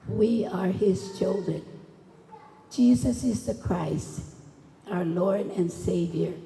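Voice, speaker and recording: Woman, mellow voice, earnest church memorial address, reverberant hall, faint noise. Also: mid-range voice, takes it slowly, creaky. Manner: earnest, mixing English and Samoan.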